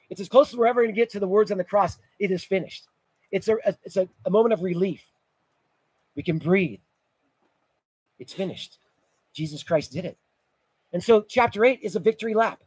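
A middle-aged pastor preaching with a high, husky voice. He tells stories, swelling and dropping his volume, and the sound is dry and close. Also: a little fast, pauses often, darkish tone, no room sound, poor audio. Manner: storytelling preacher, rises and drops in volume. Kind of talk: sermon.

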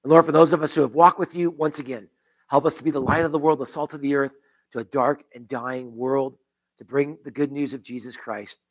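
A man's voice: mid-range voice, steady tone, a little fast. A man pastor leading a closing prayer in church, earnest, with repeated phrases and restarts. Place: church sanctuary.

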